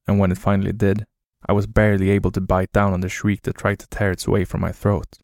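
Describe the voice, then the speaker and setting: Deep gravelly male horror narrator. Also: level tone, fast, a little mellow, dry recording, studio quality. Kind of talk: scripted horror story narration.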